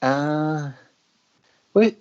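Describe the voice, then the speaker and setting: A man's voice: a little high, drawn-out words, a little mellow, clear, resonant tone. Swearing man telling gym stories. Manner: crude, laughing anecdotes, heavy swearing. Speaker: guest. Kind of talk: casual podcast storytelling. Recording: dull lo-fi audio.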